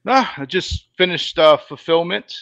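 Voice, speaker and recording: A man co-hosting a casual podcast, speaking haltingly with filler words. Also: a little high, lively intonation, creaky, a bit bright, dry recording, muffled recording. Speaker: co-host. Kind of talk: casual chat.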